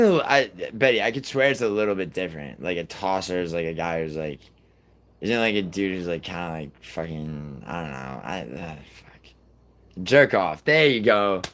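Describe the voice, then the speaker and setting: Brief: low-voiced young male streamer, loose and profane, rambling reaction chat. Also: expressive, normal speed, fairly bright tone. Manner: profane, rambling, laughs often. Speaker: livestreamer. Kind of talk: casual live reaction chat.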